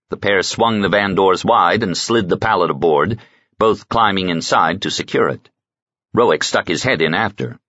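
A man narrating an audiobook in a dry, measured storytelling manner. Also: deep voice, a bit bright, dry recording, highs cut off. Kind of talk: scripted narration.

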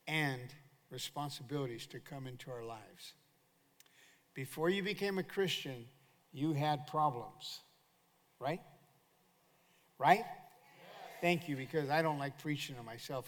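Older male pastor preaching in a hall. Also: fairly high pitch. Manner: animated preaching with call-and-response to the congregation. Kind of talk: sermon. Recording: long hall reverb.

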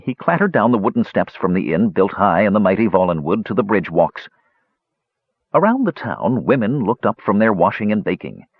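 A man narrating a fantasy audiobook in an expressive, dramatic reading. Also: on the low side, slightly rough, no room sound. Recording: dull lo-fi recording.

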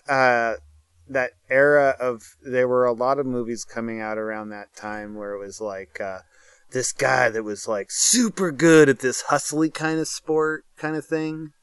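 A man's voice: medium pitch, clear, resonant tone, no room sound. A man co-hosting a casual chat, talking loosely, swearing often and laughing a lot. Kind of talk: casual chat about movies.

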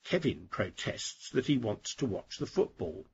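A middle-aged man hosting an English-learning podcast, narrating a lesson slowly and clearly for learners. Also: medium pitch, animated, muffled recording. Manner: slow, clear and deliberate for learners. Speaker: English teacher, podcast host.

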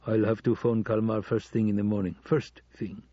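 A man's voice: on the low side, level tone, normal speed, mellow, no room sound, lightly acted. A man voicing a curt, impatient middle-aged male ambassador woken by a phone call, brusque and demanding. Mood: calculating.

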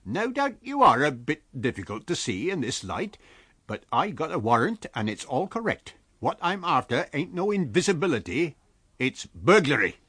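A dogged village constable , played by a male storyteller, speaks bluntly in a rustic way with a lively rise and fall. The voice is slightly husky and dry, close to the mic. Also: on the high side, moderate pace, dry recording, pitched above the performer's own voice, heavily acted. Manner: plain-spoken, rustic dialect.

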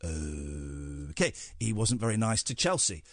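A man's voice: mid-range voice, lively intonation, brisk, dry recording, clean studio sound. A middle-aged man from Britain hosting late-night radio, talking in a sarcastic, mock-gushing way. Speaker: radio host. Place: radio studio. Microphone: studio microphone.

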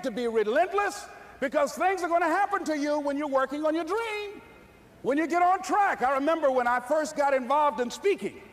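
High-voiced, animated male motivational speaker. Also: long reverb tail. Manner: animated, punchy, folksy storytelling. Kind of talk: energetic storytelling speech to a live audience.

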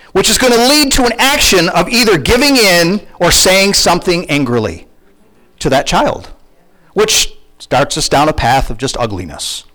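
A middle-aged male pastor delivers a conversational sermon with a fairly high voice. His pitch rises and falls a lot as he talks. He keeps putting questions to his listeners. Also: rough recording. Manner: animated, conversational preaching with questions to the congregation.

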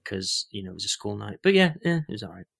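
A man's voice: fairly low pitch, sing-song, fast, vocal fry, fairly bright tone. A young man co-hosting a podcast in casual chat, rambling with lots of fillers and restarts. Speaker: podcast co-host.

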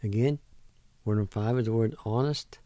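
A man hosting a radio language lesson. He spells words letter by letter and says them again slowly, one syllable at a time, in a patient, deliberate way. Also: lowish voice, dark tone, no echo. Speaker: radio host teaching vocabulary.

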